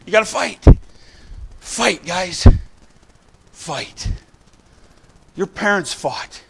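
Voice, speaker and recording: A middle-aged man preaching a fiery sermon, exhorting the crowd with repeated lines and sudden bursts of shouting. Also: high-pitched, expressive, extremely slow, a little hiss or hum. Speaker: pastor.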